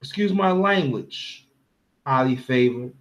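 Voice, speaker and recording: This Brooklyn man, a panel host, has a mid-range voice with lively intonation and a measured pace. Recounting a story, he sounds emotional and heartfelt, wandering off and starting over again and again.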